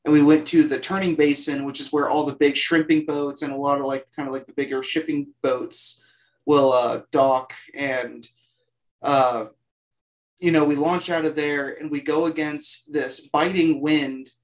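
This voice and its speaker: A man telling a long work story in a rambling, animated way, full of "like" fillers. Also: on the high side, a little slow. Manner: animated, self-mocking storyteller. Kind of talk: casual storytelling.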